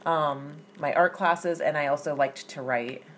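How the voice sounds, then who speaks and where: Low-voiced, chatty woman telling stories. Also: measured pace, slight background noise. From Massachusetts, USA. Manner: chatty, lots of fillers and restarts. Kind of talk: casual personal storytelling.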